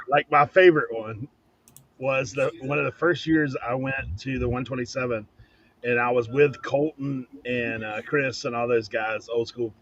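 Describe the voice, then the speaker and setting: A man's voice: medium pitch, fairly bright tone, highs cut off. A man in casual chat on a video call, telling a bargaining story with laughs. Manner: laughs through his stories. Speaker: reseller on a panel.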